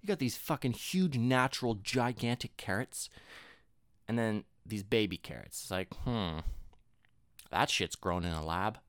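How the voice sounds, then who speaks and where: A man's voice: lowish voice, unhurried, fairly bright tone, no room sound, studio quality. A young man ranting casually to viewers, swearing often, rambling through restarts and laughing at his own jokes. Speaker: solo talker addressing viewers. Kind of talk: casual rant.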